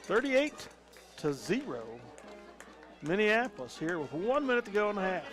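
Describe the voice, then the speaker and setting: A man calling plays for a local high school football broadcast. His voice sits a touch higher than most men's, and he talks in a folksy, excitable way, chuckling now and then between calls. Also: moderate pace, faint music behind. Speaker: play-by-play announcer. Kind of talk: local sports commentary.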